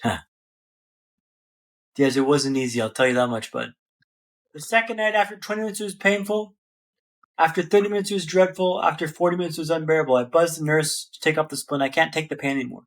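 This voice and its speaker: A high-voiced podcast guest tells a dramatic story in an interview, talking a little fast but leaving long pauses. He's a vivid, rhythmic storyteller who repeats phrases and keeps calling the host "man".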